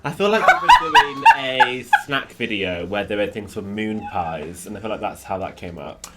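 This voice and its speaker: A man's voice: on the low side, huge pitch swings, moderate pace, heavy background noise. An English man co-hosting a casual chat, with dry, teasing replies. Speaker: co-host.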